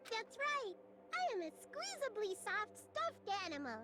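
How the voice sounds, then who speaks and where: Usami, a man squeaking as a tiny sugary plush rabbit teacher. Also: wildly swooping pitch, unhurried, over music, exaggerated voice. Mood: chirpy. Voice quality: squeaky, cutesy. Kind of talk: reading game dialogue aloud.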